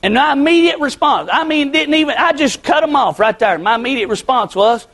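Middle-aged preacher man, unusually high-pitched, impassioned, hushed-to-shouting delivery. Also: expressive, brisk. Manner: impassioned, swings between shouting and hushed pleading. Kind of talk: sermon.

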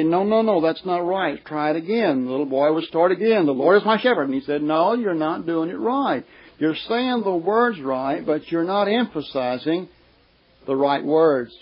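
A man preaching a sermon, slow and emphatic, asking his listeners questions. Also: a little high. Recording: dull, lo-fi recording.

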